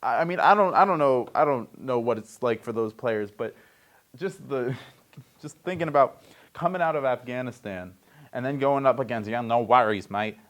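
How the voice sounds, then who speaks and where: A man's voice: medium pitch, expressive, moderate pace. A young man hosting a comedic sports news report, reading headlines with wry, joking asides.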